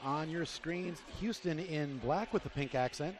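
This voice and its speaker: Energetic male roller derby announcer. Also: a little high, measured pace. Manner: energetic, rattles off names and numbers. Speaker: play-by-play announcer. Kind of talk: live sports commentary. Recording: crowd noise throughout. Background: crowd noise.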